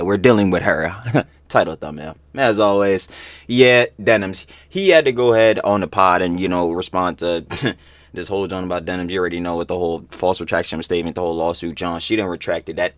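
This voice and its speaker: A man hosting a reaction video, casual and profane, swinging from slangy chatter to loud outraged yelling. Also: deep voice, dry recording. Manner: slangy, fast-talking intro to viewers.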